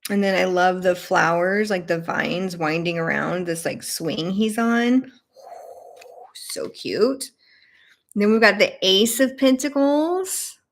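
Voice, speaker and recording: A woman's voice: mid-range voice, slow. Bubbly woman gushing on a live stream. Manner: bubbly, gushing over cute cards, chatting to viewers. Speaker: tarot channel host. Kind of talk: live deck flip-through chat.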